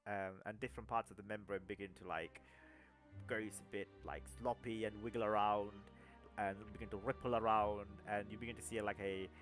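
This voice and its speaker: A young man narrating a tabletop game as game master, halting with many fillers and restarts. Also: lowish voice, fairly even intonation, fairly bright tone, soft background music.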